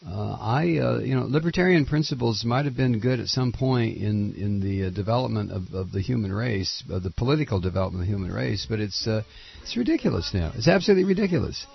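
A man hosting a political talk radio show, indignant and sarcastic, halting often with fillers and restarts. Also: on the low side, gravelly, breathy edge, lo-fi sound.

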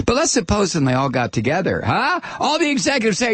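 A man's voice: high voice, wildly swooping pitch, fast, hardly any pauses, fairly bright tone, husky, dry recording. A middle-aged man hosting a political commentary rant, angry and sarcastic, stammering repeats when heated. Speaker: commentary show host.

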